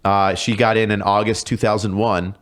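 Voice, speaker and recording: A man's voice: fairly low pitch, level tone, normal speed. A man in his thirties, a podcast guest telling casual, profane stories and acting out quoted voices. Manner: profane, laughing storyteller, acts out quoted voices. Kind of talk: casual storytelling chat.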